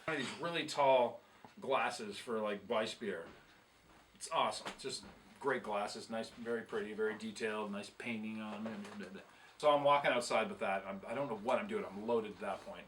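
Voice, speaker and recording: A man's voice: on the low side, normal speed, recorded from a distance, noisy background. A man telling a long, rambling, profane tour story in casual chat, laughing at himself as he goes. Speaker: guest musician telling tour stories.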